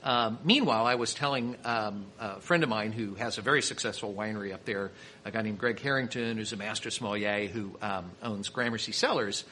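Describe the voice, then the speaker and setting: A man's voice: fairly low pitch, a little fast, pushed and bright, a little hiss or hum. A man from Kansas City, a winery owner and sommelier, telling stories as a podcast guest in a chatty way with many restarts. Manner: chatty storyteller with frequent restarts. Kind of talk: casual storytelling interview.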